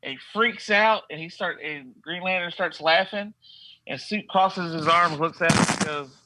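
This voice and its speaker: A man in a casual group chat, recounting a comic strip in a relaxed way. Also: a little high, moderate pace, heavy background noise.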